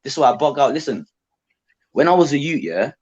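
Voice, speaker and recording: A man's voice: mid-range voice, very animated, a little fast, a little mellow, breathy edge, lo-fi sound. A man rambling and repeating himself in slang-heavy talk as a guest on a live online panel.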